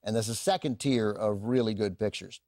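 A man hosting a classic film channel, giving a measured, scripted introduction to a film. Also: fairly low pitch, a little mellow, no echo. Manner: measured, informative, lists titles.

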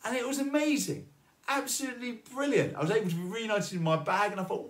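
A man's voice: sits high, animated, a little fast. A man preaching a sermon, telling a personal story and earnestly encouraging his listeners. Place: church.

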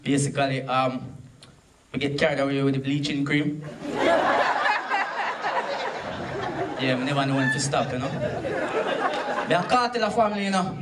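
On a comedy club stage, a Jamaican-accented man with a mid-range voice delivers a punchy stand-up set, bantering with the audience. He's brisk but leaves long pauses, and the amateur live recording, made from far off, carries crowd noise.

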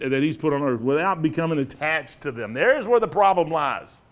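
A man in his sixties, a pastor with a Midwestern American accent, preaching a sermon in a folksy, rambling storytelling way with asides. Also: a little high. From United States. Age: 60s.

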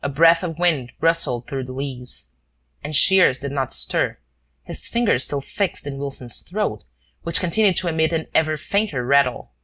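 A woman narrating an audiobook in a measured, steady storytelling manner. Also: sits low. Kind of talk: scripted narration.

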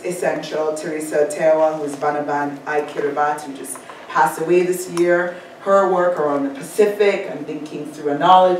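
Jamaican woman, panel speaker, reflective, heard from far off in a very echoey room with faint hiss. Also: low voice. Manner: reflective, asks for slide changes. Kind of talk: academic talk presenting slides. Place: lecture room at a symposium.

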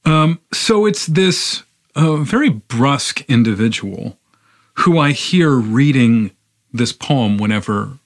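On a podcast, a man with a medium-pitched, gravelly voice slowly reads a poem aloud and then reflects on it. He's measured and unhurried, with thoughtful pauses and some fillers when speaking freely, and the sound is clean studio audio with no room sound.

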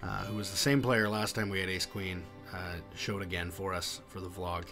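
A man giving voice-over commentary on his poker hands, halting and full of fillers. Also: deep voice, level tone, over music. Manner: halting, many fillers and restarts. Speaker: poker vlogger.

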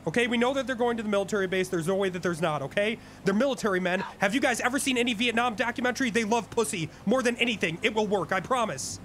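A man's voice: sits high, quick pace, hardly any pauses, fairly bright tone, slight background noise. A man playing a bossy, hot-headed crime boss in a game role-play, barking profane orders.

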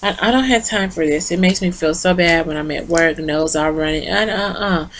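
A woman's voice: sits low, fairly quick, a bit bright, slight background noise. A tired woman rambling through a casual lipstick review into her phone, talking straight to her viewers. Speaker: beauty vlogger.

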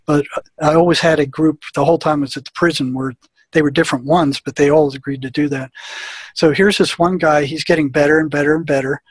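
A former prison therapist tells an anecdote in conversation, acting out the dialogue plainly. His voice is on the high side with a breathy edge, and there's no room sound.

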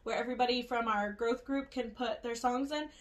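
High-voiced woman hosting a candid chat. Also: a little fast. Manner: candid, animated storytelling. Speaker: podcast host. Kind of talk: casual chat.

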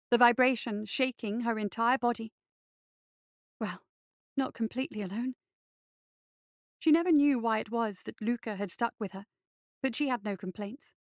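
A woman reading a fantasy story aloud in measured, even scripted narration. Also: fairly high pitch, no echo, clean studio sound. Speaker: reader.

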